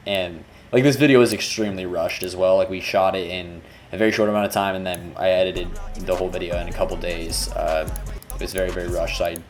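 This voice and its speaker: A man, a music video director, talking loosely through a breakdown of his work and restarting his sentences as he goes. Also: low voice. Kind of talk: casual video breakdown commentary.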